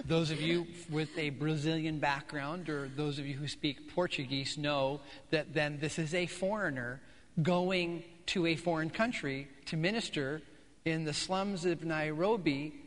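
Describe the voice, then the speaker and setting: A man's voice: a little high, a bit bright. A man as pastor interviewing missionaries at a church service, conversational and playfully teasing. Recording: long reverb of a large hall.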